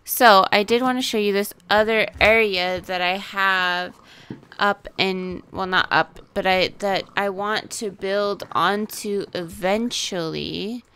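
A woman's voice: mid-range voice, fairly even intonation, slow, bright, forceful tone, clean tone. A young woman chatting casually as she plays a video game, talking to the animals and giggling often. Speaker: gaming video host. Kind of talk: casual gameplay commentary.

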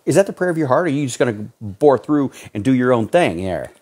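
A man preaching a sermon as a pastor, swinging between loud exhortation and hushed pleading. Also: on the low side, lively intonation, fast talker, few pauses.

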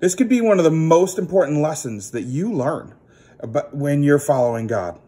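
A man teaching children a Bible story as a children's ministry teacher, animated and acting out the characters. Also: a little high, moderate pace, slightly rough.

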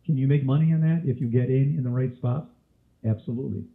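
A trading instructor teaches a live webinar in a medium-pitched, fast, gravelly voice, firing question after question at his listeners. He coughs and has a scratchy throat, and the audio is tinny and phone-like.

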